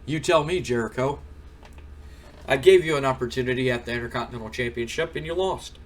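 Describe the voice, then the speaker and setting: A man's voice: medium pitch, brisk, a little hiss or hum, natural voice. Man voicing a curt, dismissive wrestling boss, distant mic. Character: dismissive older male company boss.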